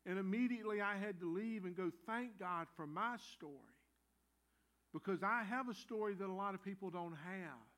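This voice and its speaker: A middle-aged pastor, preaching a sermon in a folksy, earnest way with many "you know" fillers. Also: male voice, high-pitched, moderate pace, fairly bright tone.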